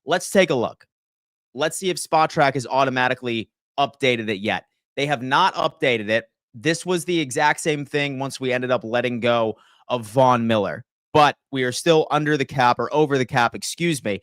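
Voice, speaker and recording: A man hosting a live sports talk stream, energetically reading out viewer shout-outs and giving his take. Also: mid-range voice, moderate pace, no room sound, clean studio sound. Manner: energetic, reads chat shout-outs aloud. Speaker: sports livestream host.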